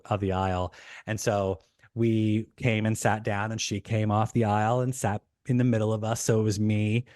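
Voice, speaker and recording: A man, a podcast guest, telling an animated story in casual talk, rushing and restarting his sentences. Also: fairly low pitch, dry recording, studio quality. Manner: animated, rushed retelling with many restarts.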